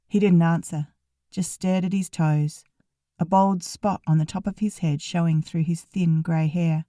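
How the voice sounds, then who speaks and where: A woman narrating a first-person audiobook in an even, wry storytelling manner. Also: fairly low pitch, a little slow, no room sound, clean studio sound.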